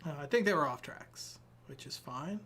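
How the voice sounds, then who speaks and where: Young man, high voice, animated delivery, rambling casual stream chat, tired. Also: normal speed, vocal fry, slight background noise. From Ireland. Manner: rambling, self-deprecating, talks to chat while fiddling with gear. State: tired and sweating. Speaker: sim racing streamer.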